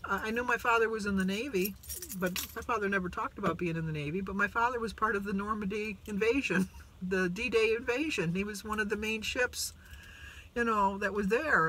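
A man's voice: sits high, brisk, bright, forceful tone, slight background noise. A middle-aged man vlogging from a parked car, talking in a rambling, emotional, self-deprecating way with many restarts. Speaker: vlogger on a weight-loss journey. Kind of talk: casual vlog monologue.

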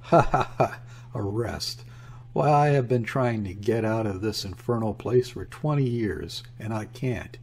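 A man reads out a drunken, embittered trader who speaks thickly and haltingly, lashing out with fierce, wild words. The voice sits low and husky, with a mellow darkness. It is an audiobook character voice. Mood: bitter, mocking. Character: drunken bitter middle-aged trader, unsteady and wild.

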